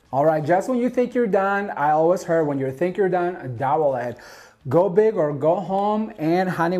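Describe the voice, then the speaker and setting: A man's voice: on the high side, dark tone. A man from Mexico hosting a home decor craft tutorial, chatty and gushing, calling his viewers "you guys" and "honey" as he works at his craft table at home.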